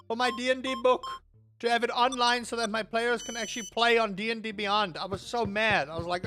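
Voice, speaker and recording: A young man streaming a game and chatting to his viewers in a rambling, animated way, ranting half in jest. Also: sits high, moderate pace, soft background music. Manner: rambling and animated, with self-mocking rants to chat. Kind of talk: casual live-stream chat while playing.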